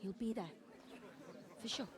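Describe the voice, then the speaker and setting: An actress playing a sharp-tongued young castle serving woman in a video game, with an accent that is hard to place and a blunt, scolding manner. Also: on the high side, unhurried, natural voice. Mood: matter-of-fact. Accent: shifting, hard to place. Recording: busy tavern crowd behind.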